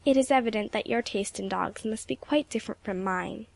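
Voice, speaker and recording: A woman's voice: on the high side, normal speed, no echo. A woman voicing a cold, condescending lady who speaks with icy, sweetly sarcastic politeness.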